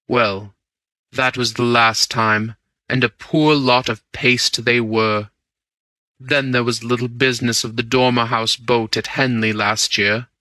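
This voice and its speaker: A man voicing a charming, self-assured gentleman thief in an audiobook, with an easy, amused and persuasive way of talking. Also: mid-range voice, dry recording.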